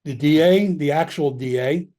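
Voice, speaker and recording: Recounting his past in an interview, this middle-aged ex-cop from Long Island, New York, is emotional and curses freely, voicing the people he quotes. He speaks at a moderate pace in a fairly high, mellow voice.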